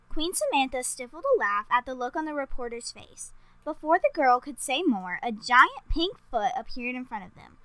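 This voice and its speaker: Bright-voiced woman reading a story. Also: high-pitched, sing-song, a little fast, low-quality recording. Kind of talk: reading a children's story aloud.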